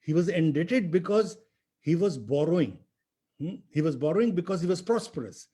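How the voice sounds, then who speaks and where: A man's voice: on the high side, animated, normal speed, mellow, slightly rough. An older man, a history professor giving a public lecture, emphatic and sprinkling rhetorical asides and tag questions. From India.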